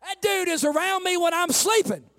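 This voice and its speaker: This pastor's very high voice carries vocal fry as he preaches animatedly at a normal pace. He moves between loud outbursts and gentle asides, calls the congregation "honey," and laughs at his own jokes.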